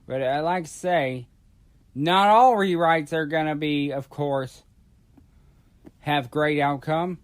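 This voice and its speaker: Male vlogger, high voice, unhurried, halting casual rant with lots of fillers. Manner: rambling, halting, many fillers and restarts. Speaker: YouTube vlogger.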